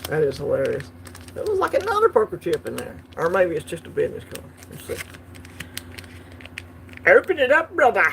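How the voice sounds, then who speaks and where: A man's voice: on the high side, huge pitch swings, fast, gravelly, a little hiss or hum. A man hosting a coin collecting channel, chatting casually and laughing easily while unboxing on a livestream.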